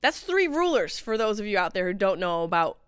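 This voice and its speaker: Recorded in a clean studio with no room sound, this wry, animated woman in her late thirties hosts a podcast with a comedic monologue. Speaking a little fast in a clean tone, she mocks others' voices and flips between loud outbursts and quiet mutters.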